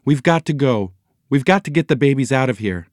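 A man voicing a brisk, urgent young mother in a storybook reading. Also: mid-range voice, expressive, mellow, no room sound, clean studio sound, voice pushed up.

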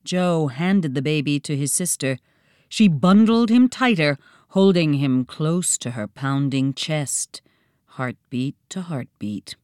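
Female storybook narrator: slow, expressive, smooth, close and dry. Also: deep voice, dry recording. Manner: slow, expressive, dramatic reading.

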